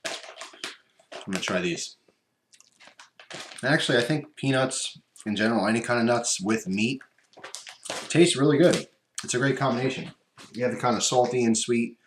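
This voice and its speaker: A man chatting casually through an unboxing and taste-test vlog, rambling and talking while he chews. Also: medium pitch. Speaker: vlogger. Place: room at home by his computer. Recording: echoey room with background noise.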